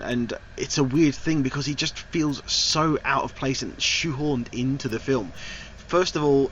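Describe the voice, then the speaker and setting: A man's voice: mid-range voice, fairly bright tone. A man giving a casual, frank spoken film review, his sentences loose and wandering. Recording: slightly dull recording with faint hiss.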